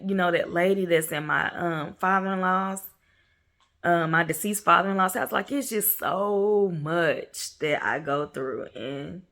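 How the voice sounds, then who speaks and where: Young woman vlogging, kinda low voice, rambly and emotional, keeps saying y'all. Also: a bit bright. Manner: candid, rambling, addresses viewers as y'all. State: emotional, close to tears. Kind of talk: casual confessional vlog.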